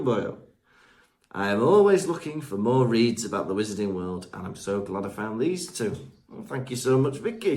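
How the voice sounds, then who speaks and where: Man reading listener reviews, lively pitch. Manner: chatty, stumbles over names with fillers. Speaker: podcast co-host. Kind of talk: casual podcast chat, reading listener reviews. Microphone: remote podcast mic.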